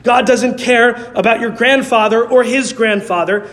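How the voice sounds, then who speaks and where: A man's voice: extremely high pitch, fairly even intonation, normal speed, fairly bright tone. A man preaching a sermon in a church, emphatic, building his points through rhetorical repetition. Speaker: pastor. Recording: long reverb of a large hall.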